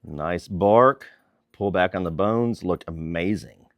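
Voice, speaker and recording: Low-voiced guy cooking outdoors in the snow. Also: slow, dry recording. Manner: relaxed, enthusiastic, chuckles often. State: cold from the weather. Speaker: barbecue cooking channel host. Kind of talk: casual cooking vlog.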